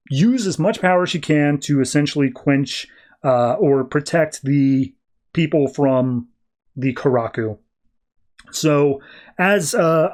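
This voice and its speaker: A young man on a podcast casually recapping a comic, acting out the characters' lines in quick put-on voices. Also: medium pitch, a little mellow. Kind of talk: casual chat.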